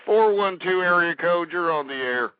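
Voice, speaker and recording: Male talk radio host, high voice, breathless, ranting and shouting at the audience, dry dull lo-fi broadcast sound. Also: lively intonation, normal speed, no echo. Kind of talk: emotional talk radio monologue.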